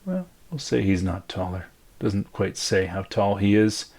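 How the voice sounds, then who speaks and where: A man narrating a tabletop game as game master, laid-back and pausing often with fillers. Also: fairly low pitch, animated, gravelly, a little mellow, husky.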